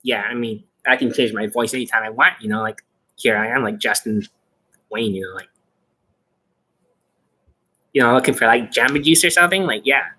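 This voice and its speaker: Man doing a mock impression of a male dating coach, bright husky tone, drawling, sneering. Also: mid-range voice, moderate pace, long pauses.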